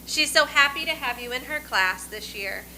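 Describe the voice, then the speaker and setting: Bright-voiced woman principal giving a speech. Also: high-pitched, animated, moderate pace, a little hiss or hum, low-quality recording. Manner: warm, emotional, reads quotes aloud. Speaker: elementary school principal. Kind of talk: ceremony speech reading staff tributes.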